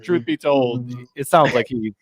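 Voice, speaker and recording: A man's voice: mid-range voice, a little slow, over a noisy crowd. A man hosting a casual podcast, laughing easily and joking about his character voices. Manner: laughing, easygoing, does voices. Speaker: podcast host. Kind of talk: casual chat.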